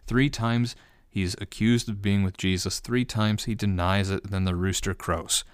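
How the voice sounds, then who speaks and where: A man's voice: on the low side, steady tone, unhurried, no echo, studio quality. A man, a pastor, giving an unscripted bible study commentary, thinking aloud and often restarting his phrases.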